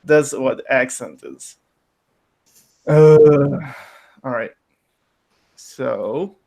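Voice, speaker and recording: Slow-talking joking male host. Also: medium pitch, creaky, mellow. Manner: joking and playful. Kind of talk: casual art critique chat.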